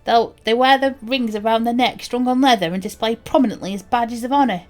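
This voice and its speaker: Woman doing a high-pitched, vengeful fantasy warrior. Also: natural voice. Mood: emphatic. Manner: put-on accent, high, slow and emphatic. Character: vengeful stout warrior of a dwarf-like folk.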